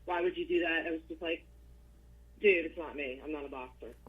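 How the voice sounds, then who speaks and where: A woman talks in a husky voice as a guest in a casual interview, blunt and unafraid to swear. She comes through a video call. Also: sits low, a little fast, phone-quality sound. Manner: blunt and profane. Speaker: wrestling guest.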